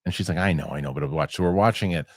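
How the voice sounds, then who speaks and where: A man's voice: sits low, racing, no echo, clean studio sound. A man hosting a casual movie chat show, talking. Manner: rambling with many restarts. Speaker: host.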